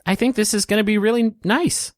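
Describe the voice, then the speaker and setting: A gentle young girl speaking softly and earnestly, as a man puts her on. Her voice is lifted high and light. The delivery is tender and dry. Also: fairly even intonation, fairly quick, dry recording, close to an everyday voice. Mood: sincere. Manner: soft and sincere.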